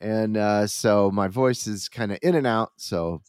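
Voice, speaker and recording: A man's voice: lowish voice, a little slow, a little mellow, clean tone, dry recording, studio quality. A man hosting a casual podcast chat, sounding stuffy and nasal from covid, rambling and correcting himself as he goes. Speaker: podcast host.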